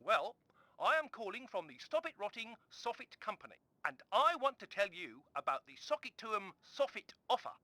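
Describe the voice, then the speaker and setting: A man voicing a pushy male soffit salesman leaving a phone message, with a put-on French accent and a theatrical sales pitch. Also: very animated, moderate pace, pushed and bright, no echo, exaggerated voice. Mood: salesy.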